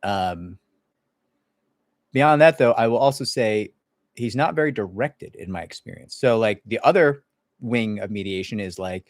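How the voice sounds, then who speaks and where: A man's voice: on the low side, expressive, unhurried, no room sound, studio quality. A man talking as an employment attorney in a casual livestream Q&A, blunt and sarcastic, mocking people in put-on voices. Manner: blunt, sarcastic, acts out others in mock voices.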